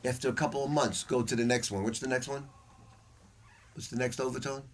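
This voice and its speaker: An older man runs a saxophone masterclass in a music store, talking in a loose, blunt way with slang. His voice sits at an ordinary pitch. A faint noise runs under the recording. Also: flat delivery, brisk. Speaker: saxophone teacher leading a masterclass. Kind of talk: informal masterclass teaching. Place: music store room with students.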